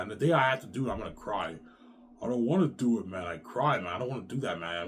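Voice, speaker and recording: A man's voice: lowish voice, expressive, fast talker, faint music behind. A young man hosting his own show, rambling in a profane monologue, repeating "man" and putting on brief voices for other people. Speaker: show host.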